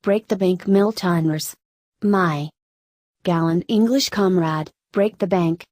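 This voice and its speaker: A woman reading a hoarse, flattering old soldier. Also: fairly low pitch, takes it slowly, no echo. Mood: effusive. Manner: effusive, flattering, exclamatory. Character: flattering boisterous old male French ex-soldier. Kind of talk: audiobook character reading.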